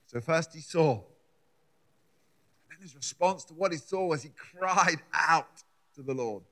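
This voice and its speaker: Slow, emphatic higher-voiced preacher man. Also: pushed and bright. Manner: emphatic, repeats words as he builds a point. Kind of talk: sermon with scripture reading.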